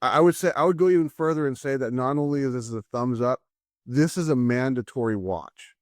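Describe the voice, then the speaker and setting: An easygoing man co-hosts a casual movie-review chat from home, thinking aloud and doubling back on his words. His voice sits at a middle pitch and sounds dry and close to the mic. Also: a little fast, no echo. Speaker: podcast co-host.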